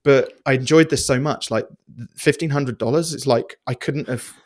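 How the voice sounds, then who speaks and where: A man, a podcast guest telling stories in a casual, animated way with many restarts. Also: mid-range voice, moderate pace. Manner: animated, chatty storyteller with many restarts and fillers. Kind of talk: casual storytelling interview.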